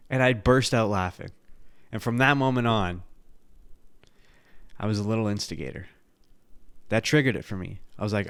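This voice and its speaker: A man from the Bronx spins a childhood story on his podcast with loose, profane energy, breaking into laughter. His voice is smooth and resonant at a middling pitch. The sound is close and dry, with no room around it. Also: moderate pace, long pauses, no room sound. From the Bronx, New York. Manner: animated, profane, laughing at his own stories. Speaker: podcast host. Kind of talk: casual storytelling.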